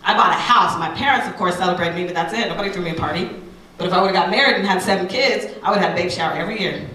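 A woman in her thirties, a radio personality, giving a candid personal testimony talk to an audience, animated and full of asides. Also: fairly low pitch, very fast, heavy reverb, far from the mic, slight background noise, rough recording.

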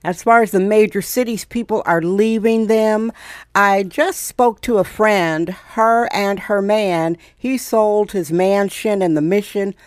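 A woman's voice: medium pitch, a little slow, no echo, clean studio sound. A middle-aged woman hosting a daily solo podcast, ranting sarcastically. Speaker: podcast host.

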